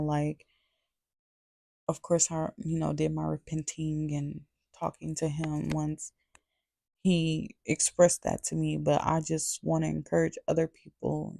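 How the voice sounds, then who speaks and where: A woman's voice: sits low, creaky, mellow, dry recording, clean studio sound. A woman vlogger giving a candid, confessional testimony to camera, earnest and repeating her phrases for emphasis. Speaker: faith vlogger.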